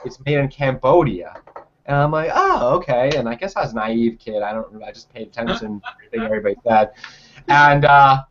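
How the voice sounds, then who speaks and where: A man's voice: medium pitch, brisk, muffled recording, noisy background. A young man telling a personal story in a casual, rambling way, full of fillers and restarts.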